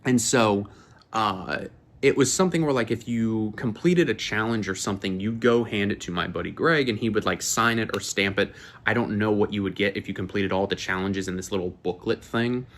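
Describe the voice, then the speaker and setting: A man's voice: on the low side, a little fast, a bit bright. A man in his twenties from Florida, telling rambling, profane stories in a casual chat. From Florida, USA. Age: 20s. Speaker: YouTuber. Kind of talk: casual storytelling to camera.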